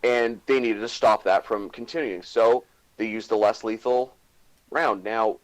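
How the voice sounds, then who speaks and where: A man from Canada, a guest on a casual livestream, talking haltingly and restarting his words often. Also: lowish voice, steady tone, poor audio. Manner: halting, restarts words, hedges with "you know".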